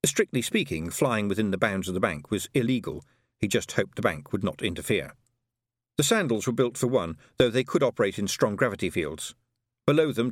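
Lowish, lively male audiobook narrator. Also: dry recording, studio quality. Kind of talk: scripted narration of a science fiction novel.

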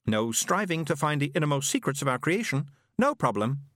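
A man voicing a pompous, booming male robot servant who talks in a fussy, formal, pedantic way. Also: big pitch swings, fairly quick, fairly bright tone, no room sound, clean studio sound. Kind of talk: audiobook character reading.

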